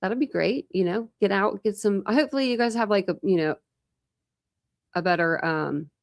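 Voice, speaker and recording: A woman's voice: medium pitch, moderate pace, gravelly. Rambling, chatty woman hosting a livestream. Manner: rambling, filler-heavy, chatty. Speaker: true crime channel host. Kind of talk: casual livestream chat.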